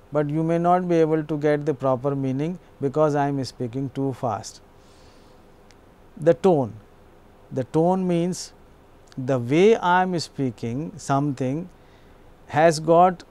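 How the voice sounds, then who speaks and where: A man's voice: on the high side, darkish tone, smooth. A man giving an explanatory educational lecture, repeating himself now and then with small restarts.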